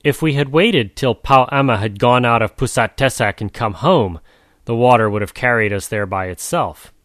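Man doing a lazy grumbling man, storybook, quiet, dry sound. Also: mid-range voice, normal speed, no room sound, close to an everyday voice. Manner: complaining.

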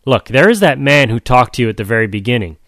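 A man's voice: medium pitch, expressive, fast, fairly bright tone, no echo, studio quality, close to an everyday voice. A man voicing a proud, demanding male crab in a storybook reading, who bargains and insists. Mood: bargaining.

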